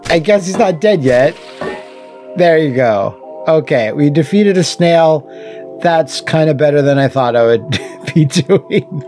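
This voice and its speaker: A man's voice: on the high side, lively intonation, a little slow, a little mellow, soft background music. A man casually commenting while he plays a video game, wry and jokey, swearing and talking to the enemies. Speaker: gaming channel host. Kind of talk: casual let's-play commentary.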